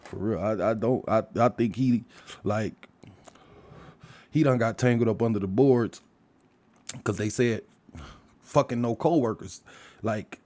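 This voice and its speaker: A man's voice: on the low side, unhurried, pauses often. An older man hosting a podcast, talking through a loose and profane monologue with frequent laughs. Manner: profane, rambling, animated, laughs often. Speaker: podcast host. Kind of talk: casual monologue.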